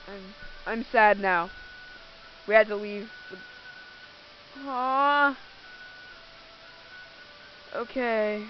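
Woman let's play host, slow rambling commentary, self-correcting, lo-fi mic. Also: a little high, over music. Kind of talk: casual gameplay commentary. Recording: dull lo-fi recording.

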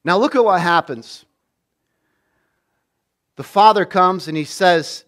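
A man's voice: high-pitched, slow pace, long pauses, fairly bright tone. A man, a pastor, preaching a sermon with emphatic delivery, repeating key phrases and acting out quoted lines.

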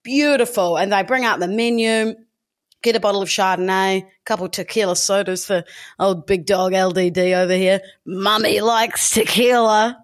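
A woman's voice: medium pitch, normal speed. Laughing woman telling a story. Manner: animated, laughing, swearing storyteller. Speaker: podcast co-host. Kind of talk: casual storytelling.

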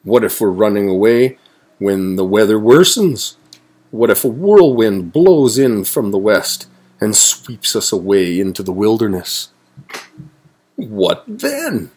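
A man reading a children's picture book aloud, slowly and clearly. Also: lowish voice, darkish tone. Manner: slow, clearly paced reading. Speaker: storybook reader. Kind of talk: children's storybook read-aloud.

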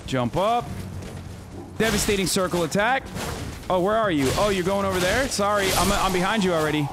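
A man's voice: high voice, moderate pace. Brash swearing man streaming a game. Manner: yelps and shouts when dying. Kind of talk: live gameplay commentary. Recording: game music playing behind the voice.

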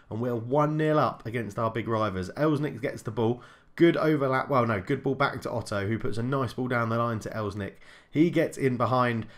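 A man commentating a football management game, calling the match like a commentator and adding casual asides. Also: medium pitch. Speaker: gaming YouTuber. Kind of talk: let's-play commentary.

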